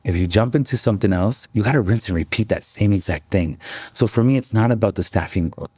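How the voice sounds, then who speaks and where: A man's voice: lowish voice, fast, dark tone, breathy edge, no echo. A young man, a company president, chatting casually as an interview guest, upbeat and jokey. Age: young adult.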